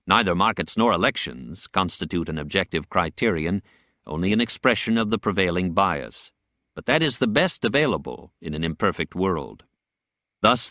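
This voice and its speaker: A man reads nonfiction aloud in a deep, low voice. His pitch rises and falls with lively movement, and his delivery is deliberate and measured. The recording is dry and close, with no room sound. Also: no echo. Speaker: audiobook narrator. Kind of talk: scripted nonfiction audiobook reading.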